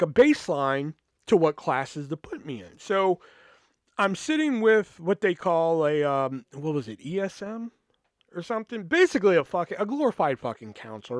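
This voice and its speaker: A man's voice: high-pitched, no room sound, clean studio sound. A man hosting a podcast, telling a story in a rambling, casual way with constant swearing and "you know" fillers, acting out the people he quotes. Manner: acts out quoted people in lively voices. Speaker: podcast host.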